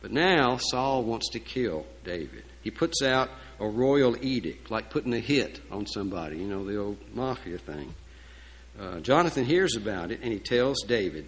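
A man's voice: mid-range voice, big pitch swings, moderate pace, rough recording. A man preaching a sermon in a folksy, emphatic way, with asides and fillers. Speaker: pastor.

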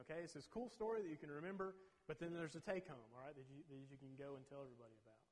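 Male Bible teacher, bit higher pitch, keeps checking "okay?", reverberant hall sound. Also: lively intonation, racing. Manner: peppers talk with "okay?" checks. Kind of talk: teaching a Bible lesson to a group. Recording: long reverb.

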